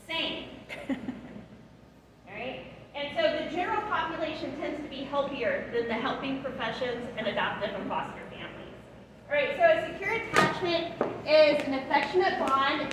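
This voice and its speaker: A middle-aged woman gives a training talk on attachment to foster and adoptive parents, often checking in with "right?" and acting out gentle words to a child. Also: high-pitched. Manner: tags lines with "right?" and "all right?"; acts out soothing words to a child. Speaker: guest speaker on attachment. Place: large hall. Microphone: room mic far from the speaker. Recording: echoey hall from far off, noisy.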